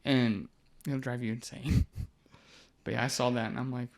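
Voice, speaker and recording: A man in his twenties, an MMA fighter guest on a podcast, telling stories in a loose, animated way, laughing often and swearing casually. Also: medium pitch, moderate pace. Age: 20s.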